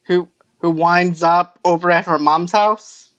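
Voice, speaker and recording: A man hosting a movie review podcast, relaxed and laughing often as he recaps the plot. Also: sits high, a little slow, dry recording, lo-fi sound. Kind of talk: casual chat.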